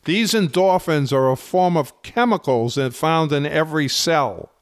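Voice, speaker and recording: A man who runs a fitness channel, explaining health topics in slow, deliberate, emphatic phrasing. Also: on the high side, no room sound, studio quality. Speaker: fitness instructor. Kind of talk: slow explanatory talk to camera.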